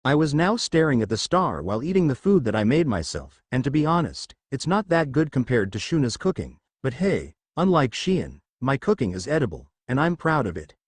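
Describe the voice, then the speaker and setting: A man narrating a fanfiction story in a steady, plain reading voice. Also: mid-range voice, moderate pace, few pauses, breathy edge, dry recording.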